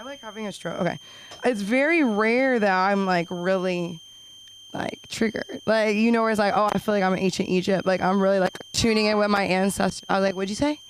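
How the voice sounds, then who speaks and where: A woman's voice: medium pitch, slight background noise, poor audio. Rambling woman doing stand-up. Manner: rambling, self-deprecating, rapid asides. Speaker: open mic comedian. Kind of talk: stand-up comedy set. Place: small comedy club.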